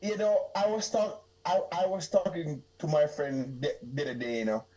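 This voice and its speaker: A Jamaican man, a guest in a casual interview, talking in a halting way, often agreeing and repeating himself. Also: fairly high pitch, fairly even intonation, dark tone, muffled recording.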